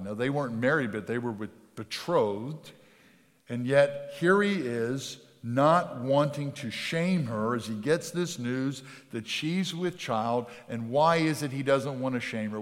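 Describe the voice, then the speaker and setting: A man preaching a sermon as pastor, conversational, telling personal stories and asking quick rhetorical questions. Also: medium pitch, in a large hall.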